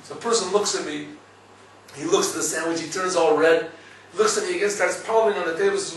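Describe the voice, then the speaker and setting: A man giving a lively Torah class, telling stories and checking with listeners as he goes. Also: high-pitched, fast talker, very echoey, distant mic, a little hiss or hum, poor audio. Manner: storytelling, lively, asks listeners "right?". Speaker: rabbi teaching a class.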